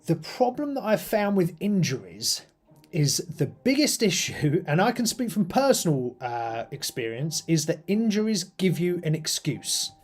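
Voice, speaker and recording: A man's voice: fairly high pitch, very animated, unhurried. A middle-aged British man casually chatting on his live stream while painting miniatures, rambling with lots of ums and uhs.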